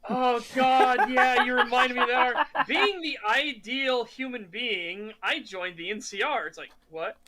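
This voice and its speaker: A man's voice: very high voice, measured pace, hardly any pauses, pushed and bright, slight background noise. A man co-hosting a podcast in casual chat, animatedly retelling movie scenes. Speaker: podcast co-host.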